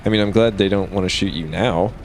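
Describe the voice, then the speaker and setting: A man's voice: sits low, fast, a little hiss or hum. A young man bantering over a video game playthrough, laughing often. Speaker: gaming channel co-host. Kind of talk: casual let's-play commentary.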